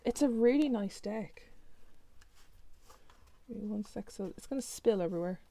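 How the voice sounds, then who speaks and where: A woman's voice: medium pitch, moderate pace, gravelly, dark tone. A woman casually flipping through a new tarot deck, naming each card and reacting with chatty remarks. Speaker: tarot reader reviewing a deck.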